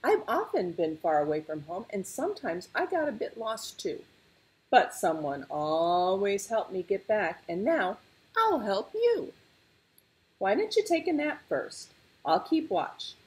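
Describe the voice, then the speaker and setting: A woman's voice: medium pitch, big pitch swings, a little slow, pitched above the performer's own voice. A woman voicing a brave, kind little male polar bear in a read-aloud storybook, eager and reassuring.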